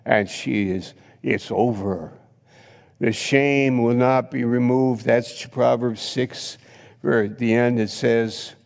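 Male pastor, gravelly, preaching emphatically in a reverberant church hall. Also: lowish voice. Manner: emphatic preaching with sudden loud rises and repetition. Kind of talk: sermon.

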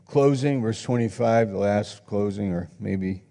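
Slow gravelly guy preaching a sermon, earnest, long echo in a church hall. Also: lowish voice, warm tone. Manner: earnest, reflective, reads scripture aloud. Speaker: pastor.

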